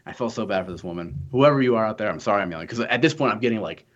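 A man's voice: on the low side, racing, lo-fi sound. A young man in his twenties telling a frustrating story in a casual, profane, exasperated rant. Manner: exasperated, profane, animated retelling.

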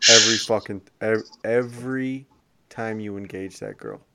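Easygoing man with a lowish voice, swears, says "dude" a lot. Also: moderate pace, crowd noise. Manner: laid-back, profane, says "dude" often. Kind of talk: casual chat.

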